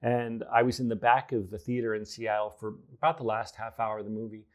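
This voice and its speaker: A man's voice: lowish voice, fairly even intonation, fairly quick. A man in his forties with a New Jersey accent, talking as a film director guest in a casual interview, often restarting and repeating words. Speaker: filmmaker guest.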